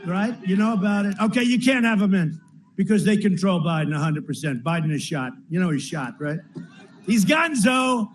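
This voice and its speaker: Man, high-pitched voice, rally speech, rambling, repetitive, asides to the crowd. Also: a little hiss or hum, low-quality recording. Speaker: politician addressing a rally. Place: large rally venue.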